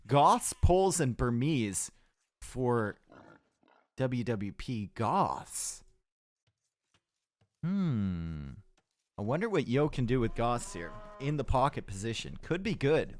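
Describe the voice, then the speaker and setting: There's no room sound around this man's mid-range, slightly bright voice. A Canadian game caster, he delivers lively, conversational live commentary on a strategy game and answers his chat as he goes.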